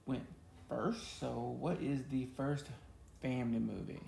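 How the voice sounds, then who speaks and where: A man with a gravelly, dark voice co-hosts a relaxed chat, full of jokes and teasing asides. The room is echoey, with a faint hiss behind him. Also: medium pitch, a little slow. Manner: joking, teasing, Southern "y'all". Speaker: podcast co-host. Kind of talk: casual chat.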